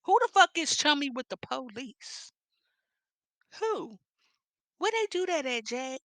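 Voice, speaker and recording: A woman's voice: sits high, very animated, measured pace, fairly bright tone, no echo, studio quality. A woman with a Philadelphia accent, ranting at someone on her vlog in a confrontational, mocking, profane way. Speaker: vlogger.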